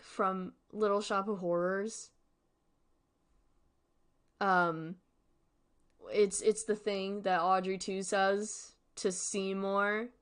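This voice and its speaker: Giggly woman streamer, casual. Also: medium pitch. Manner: giggly, joking, rambling. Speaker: streamer reacting to a horror series. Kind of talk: casual livestream commentary.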